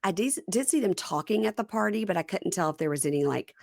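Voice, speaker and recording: A woman's voice: medium pitch, expressive, fast talker, gravelly, crowd noise. A woman hosting a casual podcast chat, recapping reality TV and mimicking the people she quotes. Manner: chatty recapper, mimics cast members in quotes.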